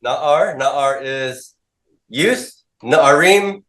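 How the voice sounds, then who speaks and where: A man's voice: a little high, drawn-out words, fairly bright tone. A man teaching a class, asking questions, drilling students and repeating their answers back. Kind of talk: classroom lecture with call-and-response drills. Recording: echoey classroom.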